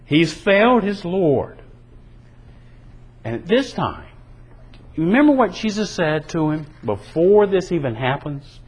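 A man's voice: sits high, sing-song, slow, pauses often, slightly rough, low-quality recording. A man preaching a sermon in an earnest, emphatic way, his delivery rising and falling. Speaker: pastor.

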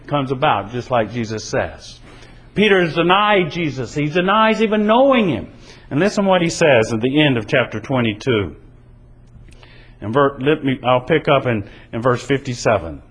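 Guy preaching a sermon, kinda raspy, voice swoops up and down a lot, earnest. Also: a little high, a bit bright, rough recording. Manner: earnest, emphatic preaching with rising and falling delivery. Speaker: pastor.

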